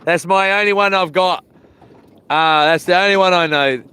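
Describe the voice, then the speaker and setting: A fishing vlogger chats on a live stream from outdoors by the water, laid-back and slangy, chuckling at his own jokes. His voice sits high and sounds pushed and bright yet smooth, at a moderate pace.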